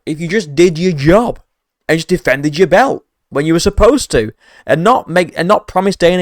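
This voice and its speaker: A man's voice: on the high side, animated, normal speed, dry recording, clean studio sound. A man giving profane, mocking reaction commentary as an MMA commentator, ranting sarcastically.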